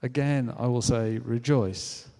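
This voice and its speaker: A British man preaching a sermon in a chatty, animated way, acting out quotes as he tells stories. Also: mid-range voice, takes it slowly, vocal fry, big-room sound. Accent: British English. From Britain. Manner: conversational, animated storytelling with acted-out quotes.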